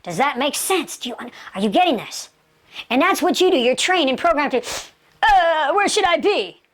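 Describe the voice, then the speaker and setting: A woman's voice: sits high, sing-song, brisk, a bit bright. A woman giving a motivational martial arts lecture, emphatic, asking rhetorical questions and repeating key phrases.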